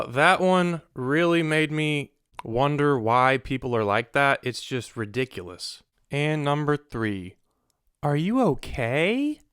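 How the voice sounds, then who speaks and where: A man's voice: medium pitch, fairly bright tone, smooth, dry recording, studio quality. A young man tells a casual story as a vlogger. He rants about customers in an exasperated way. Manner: exasperated, ranting.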